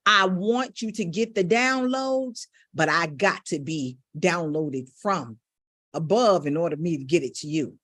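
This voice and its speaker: Emphatic woman vocal coach with lively pitch. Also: normal speed. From Gary, Indiana, USA. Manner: emphatic, repeats phrases for stress. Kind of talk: emotional motivational teaching.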